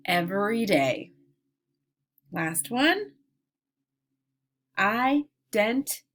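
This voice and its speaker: A woman teacher leading a phonics lesson for young children, modeling each word slowly and deliberately. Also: lowish voice, expressive, fairly bright tone.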